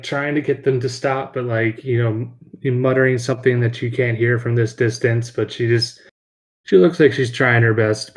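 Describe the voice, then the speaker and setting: A man narrating as game master, rambling with lots of fillers. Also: mid-range voice.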